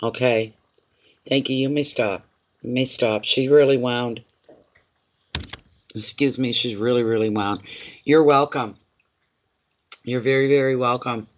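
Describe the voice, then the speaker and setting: A man giving live tarot readings in a plainly pitched voice, talking straight to his viewers and circling back over his own phrases. The sound is dull and lo-fi. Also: steady tone, measured pace, long pauses. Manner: repeats phrases, speaks directly to viewers by name. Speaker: tarot reader.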